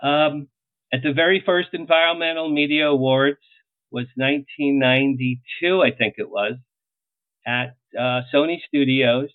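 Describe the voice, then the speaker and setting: A middle-aged man tells animated stories in an interview, jumping into the voices of the people he quotes. His voice sits at an ordinary pitch. It comes through a thin, phone-like line with no room sound. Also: measured pace, no echo. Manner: animated anecdotes, acts out quoted lines. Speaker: publicist guest. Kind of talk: storytelling interview. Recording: tinny phone-like line, dry.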